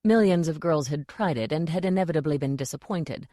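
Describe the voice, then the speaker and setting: A woman reading a comic fantasy audiobook in an even, dry storytelling delivery on a close mic. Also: deep voice, fairly quick, dry recording. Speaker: audiobook narrator. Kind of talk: scripted audiobook narration.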